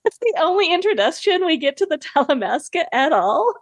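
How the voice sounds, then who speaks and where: A woman's voice: very high-pitched, sing-song, brisk, no room sound. A woman co-hosting a podcast, recapping a film scene in a matter-of-fact, wry way. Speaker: podcast co-host. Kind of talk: casual movie discussion.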